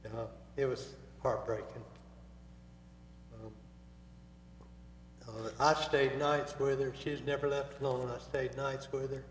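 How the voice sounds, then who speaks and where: An older man speaking haltingly and softly at a memorial for his late wife. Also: mid-range voice, flat delivery, slight background noise. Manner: halting, hesitant, soft-spoken. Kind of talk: spoken remembrance at a memorial. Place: memorial service hall. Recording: echoey hall with long reverb.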